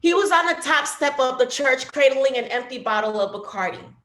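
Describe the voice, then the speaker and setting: A woman reading her own poetry aloud over a video call, with a measured, rhythmic delivery that drops to a hush. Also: sits high, animated. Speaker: poet. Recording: roomy echo.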